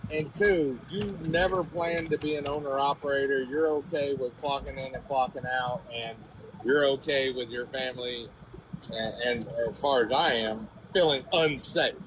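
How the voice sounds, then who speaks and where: A man's voice: mid-range voice, normal speed, noisy background. A man co-hosting a trucking podcast, talking bluntly and with a lot of swearing in a heated casual debate. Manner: blunt, profane, emphatic.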